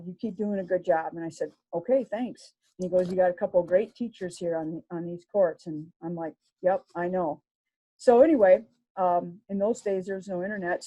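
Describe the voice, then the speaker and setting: A woman's voice: fairly low pitch, dark tone, no room sound. Chatty middle-aged woman, dull sound. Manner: chatty, many fillers and restarts. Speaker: sports official. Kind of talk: casual storytelling.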